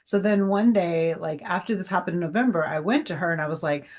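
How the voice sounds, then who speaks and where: A woman's voice: on the low side, a little fast, darkish tone. A woman in her forties, a guest chatting casually in an interview, rambling with many fillers and acting out past conversations.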